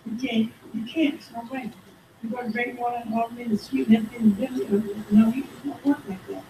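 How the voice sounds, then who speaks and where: A woman leading a Bible study, animated and calling for amens as she reads scripture. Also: fairly high pitch, fairly quick, a little hiss or hum. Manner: animated, calls for amen, reads scripture aloud. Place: church room. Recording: roomy, distant mic, faint background.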